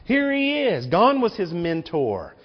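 Animated preaching man in a reverberant church. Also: sits high, slow pace, slightly rough. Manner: animated preaching with rhetorical questions. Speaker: pastor. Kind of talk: sermon. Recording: muffled recording with long hall reverb.

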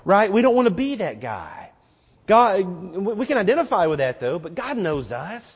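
Animated preaching man in a reverberant church. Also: high-pitched, moderate pace, slightly rough. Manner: animated preaching with rhetorical questions. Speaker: pastor. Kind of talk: sermon. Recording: muffled recording with long hall reverb.

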